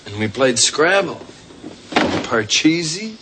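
A man's voice: on the high side, very animated, slow. An actor playing a middle-aged father with a dry, wry way of talking in a sitcom. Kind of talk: sitcom acting. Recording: sitcom audio with background noise.

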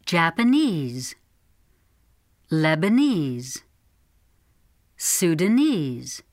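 A woman reading model words and instructions for a pronunciation lesson, clearly articulated with model stress. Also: low voice, very animated, drawn-out words, a little mellow.

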